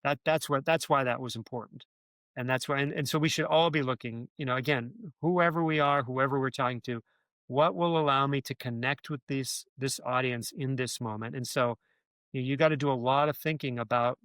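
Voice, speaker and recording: Male guest in a casual interview, rambling storyteller, mid pitch, dry close-miked sound. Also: fairly quick, a bit bright, dry recording. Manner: rambling, many restarts and "you know" fillers. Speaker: guest, former speechwriter.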